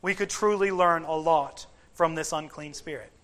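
A man preaching a sermon, measured and emphatic, with frequent pauses for weight. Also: fairly high pitch, fairly bright tone.

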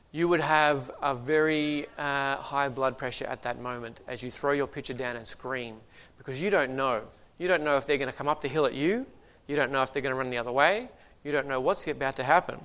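A man's voice: mid-range voice, fairly quick, a bit bright. A man preaching a sermon in a conversational way, reading scripture and adding joking asides.

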